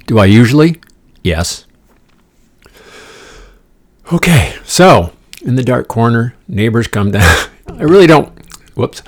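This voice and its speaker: A man hosting his own podcast, riffing in a profane, digressive comic monologue with playful asides and the odd whispered joke. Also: medium pitch. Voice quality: gravelly. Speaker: podcast host. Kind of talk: rambling comedic monologue. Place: condominium room.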